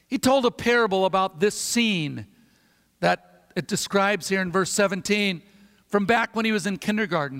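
A man's voice: high voice, a bit bright, in a large hall. A man preaching a sermon, emphatic and fond of repeating phrases for effect. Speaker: pastor.

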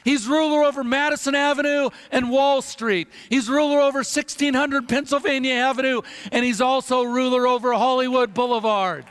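A man's voice: very high voice, fairly even intonation, moderate pace, hardly any pauses, a bit bright, clear, resonant tone, in a large hall. A man preaching a sermon, emphatic and fond of repeating phrases for effect. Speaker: pastor.

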